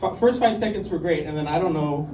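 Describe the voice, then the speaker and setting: A man's voice: fairly high pitch, fast talker, background noise. A man in his fifties doing a conversational, self-deprecating stand-up set on a club stage, full of ums and likes. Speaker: stand-up comedian. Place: comedy club stage with audience. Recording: echoey club room recorded from a distance. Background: audience laughter and room ambience.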